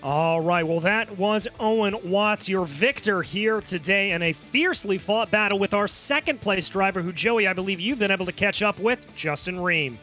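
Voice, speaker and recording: A man commentating a sim race, reading finishing orders quickly and interviewing drivers. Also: sits high, pushed and bright. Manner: rapid results rundown, interviewing drivers. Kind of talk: play-by-play sim racing commentary. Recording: music bed under the voice.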